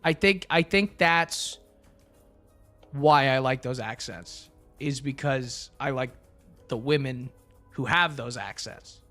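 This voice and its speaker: A man's voice: mid-range voice, slow, a bit bright, soft background music. A young man streaming, chatting casually and rambling with lots of fillers, joking and answering his chat.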